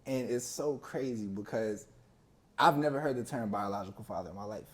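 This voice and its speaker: A man, a podcast guest, telling a personal story in a relaxed, conversational way. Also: on the low side, brisk. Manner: relaxed, conversational, acts out both sides of a talk. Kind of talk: casual storytelling.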